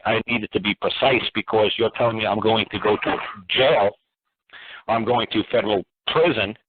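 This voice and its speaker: A man lecturing on a call-in radio show, combative and blunt, hammering listeners with repeated rhetorical questions and swearing. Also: medium pitch. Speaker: radio talk show host. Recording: tinny phone-line radio audio.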